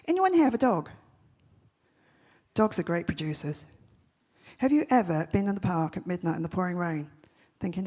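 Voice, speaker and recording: A woman holds a stage with a brash, joking keynote, firing off punchy stories. Her voice sits a little low and has a husky edge to it. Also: lively intonation, a little mellow. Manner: brash, punchy storytelling with quick jokes. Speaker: festival speaker. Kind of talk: comic keynote talk. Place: large event stage.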